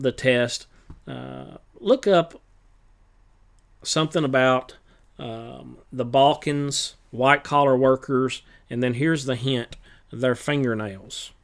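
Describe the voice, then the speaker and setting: A male teacher running a test review, talking in a plain, matter-of-fact way with frequent pauses and fillers. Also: mid-range voice, creaky. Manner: halting, many filler pauses.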